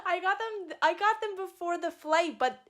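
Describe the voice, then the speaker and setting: A woman's voice: extremely high pitch, normal speed, a bit bright. A young woman in her twenties co-hosting a couple's podcast, shy and giggly, often saying "like". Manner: shy, giggly, says like a lot. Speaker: podcast co-host. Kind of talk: casual couple chat.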